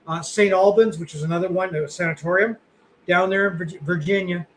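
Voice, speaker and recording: A man's voice: sits high, fairly even intonation, brisk, a bit bright, a little hiss or hum, low-quality recording. A man co-hosting a podcast, chatting casually in a rambling, blunt way with lots of fillers and the odd curse. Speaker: podcast co-host.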